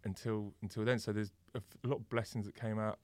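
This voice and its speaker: A young man chats as a podcast guest. He swears freely and tells his stories with lively acted-out bits. His voice is recorded close and dry, with no room sound. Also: lowish voice, fast, no room sound. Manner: animated storyteller, swears freely, acts out the people in his stories. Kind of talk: casual podcast chat.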